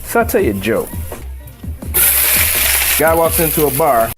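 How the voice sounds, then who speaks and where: Unhurried and over music, a man with a fairly high voice and big pitch swings hosts a casual home cooking demo. He swears liberally and drifts into a joke as he works the stove, rambling in a laid-back way.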